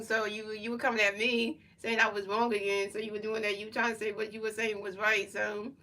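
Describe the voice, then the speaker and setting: A woman's voice: mid-range voice, little pitch movement, a little fast, few pauses, pushed and bright, far from the mic, poor audio. A woman streamer in casual chat, rambling and repeating herself as she answers her chat. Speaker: livestreamer.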